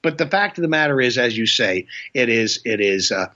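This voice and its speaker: An older man, a comedian guest, telling stories in an animated way and slipping into impressions in casual chat. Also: mid-range voice, fairly quick. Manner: animated storyteller, slips in impressions. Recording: muffled lo-fi sound.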